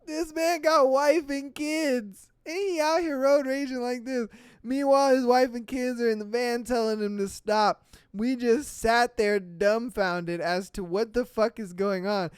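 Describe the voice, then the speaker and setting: A podcast host in casual storytelling mode, reading listener posts aloud and riffing on them in slang. The voice sits at a middle pitch, and the recording is dry and close. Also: unhurried, smooth, no echo. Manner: animated, slangy, laughs at own stories.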